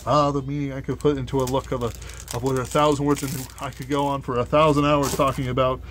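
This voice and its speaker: A man's voice: medium pitch, little pitch movement, quick pace, fairly bright tone, a little hiss or hum. Rambling young man opening card packs. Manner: rambling, filler-heavy, swears when annoyed. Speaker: card unboxing host. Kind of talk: casual rambling chat while opening packs.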